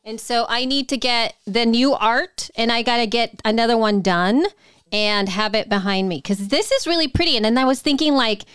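Clear-voiced woman podcast co-host. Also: a little high, moderate pace, fairly bright tone, dry recording, studio quality. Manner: earnest, rambling, self-correcting. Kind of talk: casual chat.

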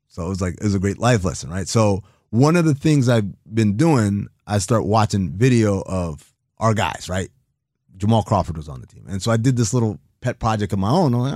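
A man in his thirties telling a long story in a casual, animated way, acting out the people he quotes and swearing now and then. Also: fairly low pitch, fairly quick, no echo, studio quality. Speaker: guest.

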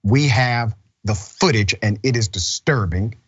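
A man's voice: on the low side, a little slow, fairly bright tone, slightly rough, muffled recording. A man hosting a news commentary show, blunt and indignant as he reacts to clips. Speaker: host.

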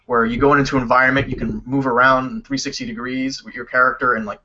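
A man co-hosting a casual video game chat, telling stories quickly with lots of swearing. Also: mid-range voice. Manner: animated, profane, quick storytelling. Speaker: podcast co-host. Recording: dull lo-fi sound.

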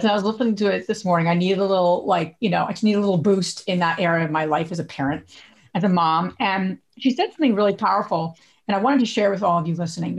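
A woman co-hosting a podcast in casual chat, chatty and full of fillers, laughing as she talks. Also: fairly low pitch. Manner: chatty, many likes, laughs while talking. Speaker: podcast co-host.

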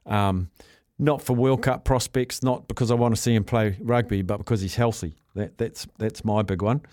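Laid-back New Zealand radio host. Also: male voice, lowish voice, steady tone, normal speed, a little mellow, no room sound, clean studio sound. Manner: laid-back, chatty, jokey, reads out text entries. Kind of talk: casual sports talkback. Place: radio studio.

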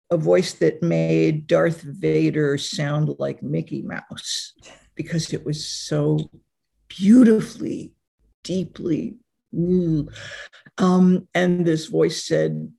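A woman telling a personal story as an interview guest, vivid and dramatic with sudden pauses. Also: sits low, fairly even intonation, vocal fry, darkish tone, slightly rough.

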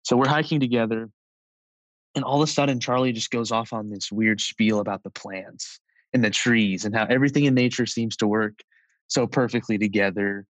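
A man in his twenties telling a personal story in a casual, conversational way, with lots of "like" and soft laughs. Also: fairly low pitch, steady tone, moderate pace, no echo, rough recording. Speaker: storyteller recounting a personal experience.

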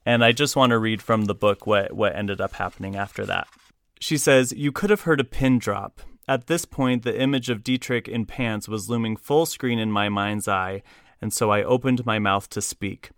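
Man, podcast host, lively storyteller, smooth resonant voice, dry close sound. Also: lowish voice, normal speed, no echo. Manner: animated storyteller who reads aloud from a book. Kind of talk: casual conversational storytelling.

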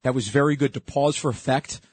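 Sarcastic talk-show host with a husky voice. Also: male voice, mid-range voice, fairly quick, dry recording. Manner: sarcastic, interrupts clips often. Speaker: radio show host commenting on clips. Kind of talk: opinionated talk-show commentary.

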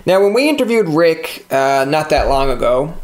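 A male host with a Newfoundland accent leads a casual interview with a chatty, joking manner. His voice sits somewhat high for a man. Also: sing-song, moderate pace. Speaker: podcast host.

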